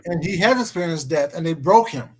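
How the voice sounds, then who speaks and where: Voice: medium pitch, lively intonation, a little hiss or hum. Stumbling, drawling gossip co-host. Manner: hesitant, stumbling on repeated words and fillers, drawls some words slowly. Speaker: livestream co-host. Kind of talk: casual gossip chat.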